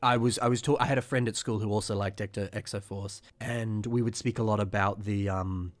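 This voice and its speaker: Low-voiced young man telling a rambling story. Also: steady tone, a little fast. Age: 20s. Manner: rambling storyteller who acts out remembered quotes. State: clearing a rough morning throat. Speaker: podcast co-host. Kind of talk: casual chat.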